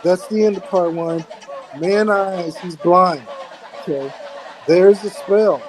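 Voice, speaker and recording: Slow, high-voiced exasperated radio storyteller man. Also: a faint crowd. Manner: exasperated, halting, scolding a sound operator. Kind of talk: comedic live radio storytelling.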